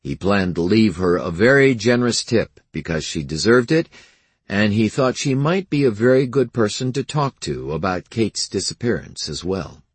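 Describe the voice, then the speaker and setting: Deep husky male narrator for a crime novel, dry close sound. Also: big pitch swings, normal speed, no room sound. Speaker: audiobook narrator. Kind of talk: scripted narration.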